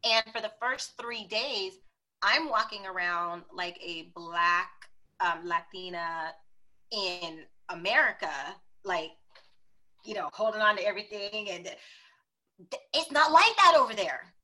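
A woman guest telling stories in a casual interview, animated and acting out the voices she quotes. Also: medium pitch, measured pace, rough recording.

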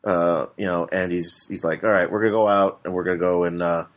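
A man's voice: fairly even intonation, a little fast. A man co-hosting a podcast, rambling through a comic book plot with lots of fillers. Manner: rambling, full of fillers, jumps into high-pitched impressions. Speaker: podcast co-host. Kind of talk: casual comic book chat.

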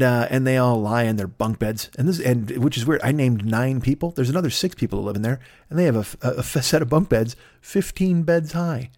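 A man's voice: medium pitch, darkish tone, no echo, clean studio sound. Riffing, profane comic storyteller man. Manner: profane, riffing, absurd asides. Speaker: podcast host.

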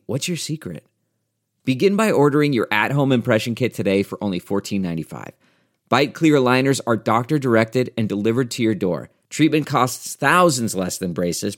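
A man voices an ad in a smooth, friendly way, his pitch sitting in the middle range. It sounds like a polished commercial read. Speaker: ad narrator. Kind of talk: scripted advertisement read.

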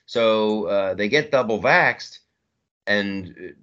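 A man co-hosting a podcast in casual political chat, emphatic and animated, often repeating himself for stress. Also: fairly low pitch, extremely slow, lo-fi sound. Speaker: podcast co-host.

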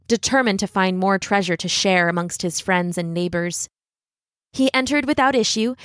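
A woman narrating a fairy tale in a scripted, expressive way, slowing down for dramatic moments. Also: mid-range voice, no room sound, clean studio sound. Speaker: storyteller.

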